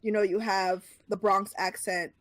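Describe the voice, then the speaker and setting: A woman's voice: mid-range voice, flat delivery, a little slow, dry recording. A woman from the New York suburbs, a guest streamer talking in a casual chat, full of fillers and little laughs. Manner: chatty, lots of fillers and laughs.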